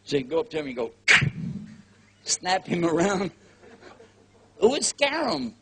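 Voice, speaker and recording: With a husky, a little high voice full of vocal fry and big pitch swings, an older Texan man preaches at a normal speed. His lecture is casual and joking, folksy in tone, and he performs little scenes in quoted voices.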